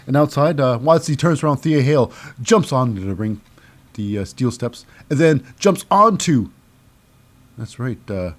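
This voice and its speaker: A man's voice: mid-range voice, lively intonation, moderate pace. A man hosting a casual wrestling recap, rambling with lots of fillers and mixing up names. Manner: rambling, many fillers and name mix-ups. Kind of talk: casual solo show recap.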